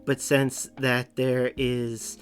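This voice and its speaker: A man's voice: medium pitch, little pitch movement, drawn-out words. A man with a Boston accent giving a casual, rambling info-dump monologue as a channel host, often correcting himself mid-sentence. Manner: rambling, with self-corrections and small laughs. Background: soft background music.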